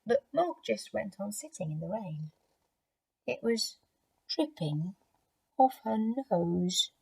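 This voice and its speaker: A woman teacher reading a picture book aloud to children, expressive and gentle, with chatty asides. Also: medium pitch, slow pace, vocal fry, breathy edge.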